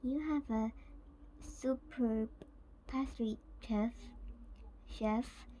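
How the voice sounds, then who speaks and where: Woman doing a soft little storybook girl, gentle, kinda prim. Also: on the high side, very slow, a little hiss or hum. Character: friendly little girl playing a princess.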